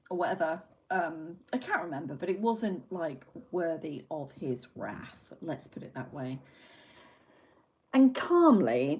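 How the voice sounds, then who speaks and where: A woman's voice: fairly low pitch, darkish tone, low-quality recording. A woman hosting a casual livestream, reading chat and rambling through stories with plenty of swearing. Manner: chatty and rambling, swears freely, tangents.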